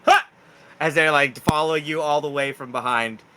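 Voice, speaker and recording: A man narrating a tabletop game as game master, animated and quick to break into silly singing and laughter. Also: on the high side, noisy background.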